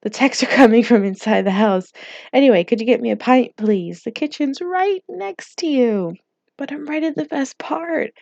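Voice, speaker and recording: A woman's voice: medium pitch, creaky, warm tone, no echo, muffled recording. A woman playing a mobile game, reading its text messages aloud in light put-on voices and chatting casually, laughing often. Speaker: gaming YouTuber.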